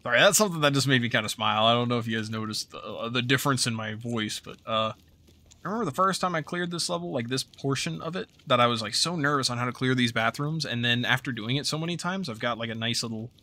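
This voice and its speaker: Male gaming YouTuber with a bright tone, chatting loosely over his gameplay. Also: medium pitch, fast. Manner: relaxed rambling with frequent fillers. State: hiccups. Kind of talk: casual gameplay commentary.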